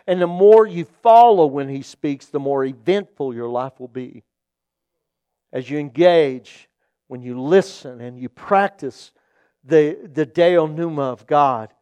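A man preaching a sermon as a pastor, with a voice pitched somewhat high. He tells his stories earnestly and voices the people in them. The sound is dry, with no room echo. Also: lively intonation, a little slow, warm tone, clear, resonant tone. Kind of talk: sermon with personal storytelling.

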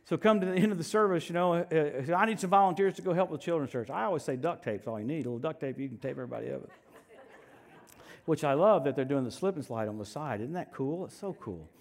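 A male preacher with a high-pitched voice delivers his sermon with animation and humor. He swings from loud, excited bursts to quiet, confiding asides. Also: quick pace, vocal fry. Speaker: pastor.

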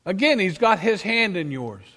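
A male preacher delivering an emphatic sermon, asking his congregation questions and swinging between loud declarations and quiet asides. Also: high-pitched, very animated, moderate pace. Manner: emphatic, rises and drops sharply, asks the congregation questions. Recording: long reverb of a church hall.

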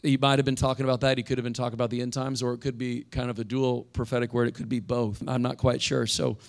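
A man's voice: mid-range voice, level tone, quick pace, creaky. Man preaching a conversational sermon. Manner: conversational preaching, reads scripture aloud with rising intensity. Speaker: pastor.

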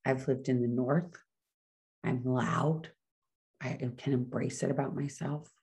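Fast-talking woman hosting a podcast. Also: rumbling low, fairly even intonation, darkish tone. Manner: fast-talking, chatty, self-correcting. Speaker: podcast host. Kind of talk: casual solo podcast monologue.

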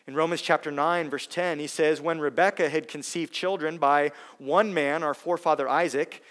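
A man preaching a sermon, emphatic, dropping his voice soft on key words. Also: fairly high pitch. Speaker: pastor.

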